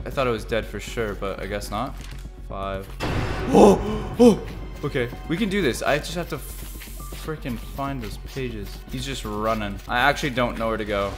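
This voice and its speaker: A young man hosting a gaming video, giving excited play-by-play that jumps between low mutters and sudden yelps and shouts. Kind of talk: excited gameplay commentary.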